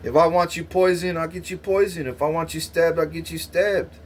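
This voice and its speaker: A male vlogger with a fairly high voice rants angrily to camera, boasting and issuing threats in a profane, swaggering style. He speaks briskly in a steady tone, often repeating himself with stuttered restarts. There's a slight hiss or hum on the recording.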